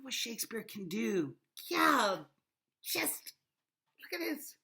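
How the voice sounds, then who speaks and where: A woman teacher giving a classroom lecture on a play, talking emphatically and animatedly with quiet asides. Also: fairly high pitch, big pitch swings, slow pace, gravelly, pauses often.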